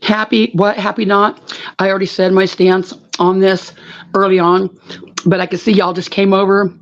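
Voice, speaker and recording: A woman's voice: mid-range voice, level tone, normal speed. Blunt, cursing woman on a lo-fi call. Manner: blunt, profane, repetitive. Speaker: panel guest. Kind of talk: heated live panel rant.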